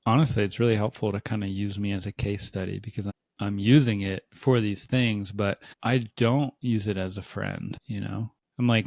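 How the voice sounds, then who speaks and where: A man co-hosting a casual podcast discussion. He talks in a reflective, joking way and gets quicker when he gets animated. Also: lowish voice, no echo, studio quality. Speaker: podcast co-host.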